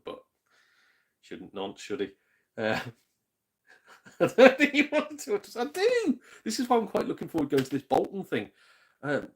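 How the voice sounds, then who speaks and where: A man chatting casually on a live stream, rambling, laughing often and greeting viewers. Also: medium pitch. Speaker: YouTube gaming channel host.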